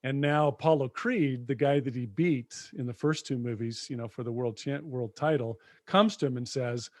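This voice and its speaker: A man co-hosting a podcast, retelling film scenes in a lively conversational way. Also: medium pitch, normal speed, no echo, studio quality. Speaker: podcast co-host. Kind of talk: casual conversation.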